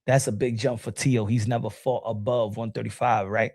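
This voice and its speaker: A man hosting a casual live boxing stream, reading chat comments and talking in an animated, excitable way with lots of slang and restarts. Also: medium pitch, normal speed, few pauses, no echo, studio quality.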